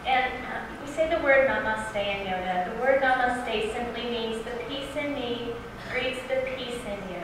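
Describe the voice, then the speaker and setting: A woman leads a laughter yoga session, her slightly high voice shifting between calm guidance and loud cheering. She is recorded from a distance in a large conference hall. The room echoes heavily and a steady background noise runs underneath. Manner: calm guiding, then loud upbeat cheering. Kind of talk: leading a group session.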